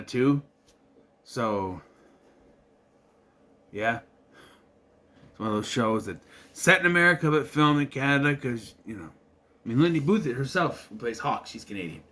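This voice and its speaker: A video reviewer from southern Minnesota rambles casually through a movie review, restarting often and cursing now and then. His medium-pitched voice sounds pushed and bright.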